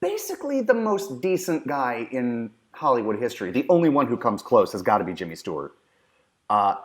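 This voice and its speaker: A man's voice: medium pitch, big pitch swings, a little fast. A man co-hosting a movie podcast in casual chat, enthusiastic and emphatic with a joking streak. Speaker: podcast co-host.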